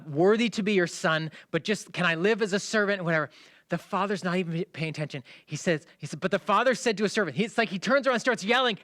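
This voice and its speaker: A man preaching a livestreamed sermon in a conversational storytelling way, acting out the people in the story and sometimes bursting into shouts. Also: fairly high pitch, dry recording, studio quality. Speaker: pastor.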